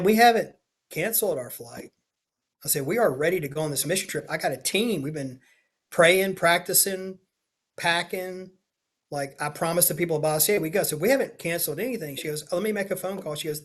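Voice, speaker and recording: A man's voice: a little high, fairly quick. Earnest middle-aged man. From Louisiana, USA. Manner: earnest, confessional, acts out quoted dialogue. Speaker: state senator and guest. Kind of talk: personal storytelling in a podcast interview.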